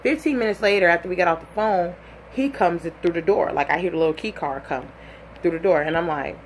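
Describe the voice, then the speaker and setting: A young woman telling a personal story in a casual, animated way, full of "like" and acted-out quotes. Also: lowish voice, fairly quick, slight background noise.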